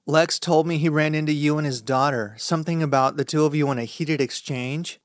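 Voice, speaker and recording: A man's voice: a little high, steady tone, fairly quick, no echo, clean studio sound, natural voice. A man narrating an audiobook, voicing a tipsy, stern middle-aged mother who slurs and scolds her son. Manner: slurring, scolding.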